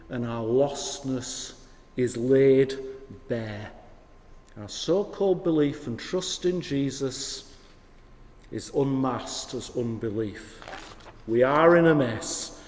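A man preaching as a vicar, with wry storytelling and sudden drops to hushed emphasis. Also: mid-range voice. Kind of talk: sermon. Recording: long hall reverb.

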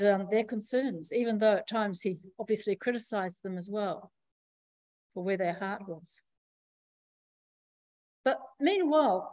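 Woman preaching a calm sermon. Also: a little high, dry recording, poor audio. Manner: measured, reflective teaching with pauses.

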